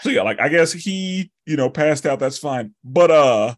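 A man hosting a podcast, chatting casually and acting out his own reactions with animated energy. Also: fairly high pitch, moderate pace. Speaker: podcast host. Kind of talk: casual chat.

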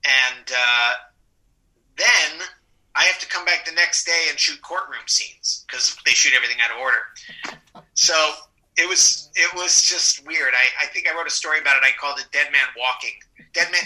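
A middle-aged male actor recounts his career in an interview. His voice is bright and forceful, a touch higher than most men's, and he acts out the people he quotes with plenty of laughter. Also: low-quality recording. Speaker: actor guest. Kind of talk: anecdotal interview storytelling.

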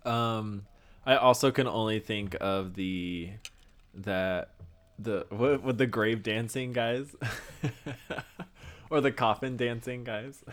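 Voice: medium pitch, slow pace. A podcast co-host in casual chat, giggling often, reacting with short interjections and humming a tune.

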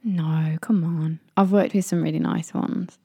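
A woman's voice: fairly low pitch, fairly even intonation, unhurried, creaky, mellow, husky, no room sound. A young English woman chatting casually as a podcast co-host, telling stories and acting out what people said. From England. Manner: chatty storyteller, acts out quotes in raised voices. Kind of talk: casual chat.

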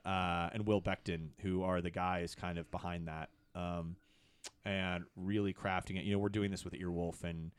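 A middle-aged man with a fairly low speaking voice talks in a casual podcast chat. He tells stories with mounting excitement, his voice leaping up high at the peaks. The sound is dry and close. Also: moderate pace, clear, resonant tone, no room sound. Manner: excitable storyteller, swings to high animated peaks. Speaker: podcast producer.

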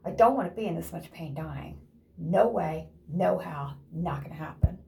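A woman's voice: fairly low pitch, moderate pace, creaky, dark tone, slight background noise. A woman talking casually to camera in a rambling, chatty way, laughing often and sometimes dropping to a whisper. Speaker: vlogger. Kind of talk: casual vlog chat.

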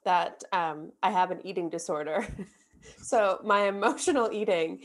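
A woman's voice: fairly low pitch, moderate pace. A young woman hosting a podcast, talking candidly about hard times and laughing nervously through it. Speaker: podcast host. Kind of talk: casual chat.

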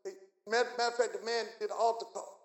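A man preaching a sermon as a personal testimony, telling the story with animated delivery and acting out the voices in it. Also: high voice, fast. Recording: echoey room.

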